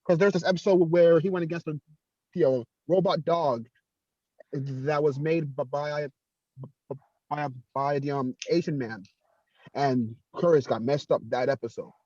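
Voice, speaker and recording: A man on a podcast panel speaking haltingly, repeating words as he searches for what to say. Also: a little high, fairly even intonation, warm tone, no room sound, highs cut off. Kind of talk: casual panel chat.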